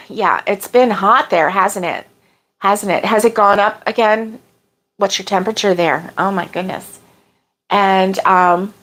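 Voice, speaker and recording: A woman hosting a casual crochet livestream, chatting as she reads out viewer comments, with drawn-out exclamations. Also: medium pitch, a bit bright.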